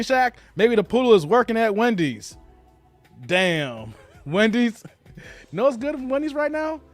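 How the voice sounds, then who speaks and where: A man's voice: very high voice, no echo. A man hosting a live reaction show, reading out chat comments and laughing often. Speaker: show host reacting to a clip.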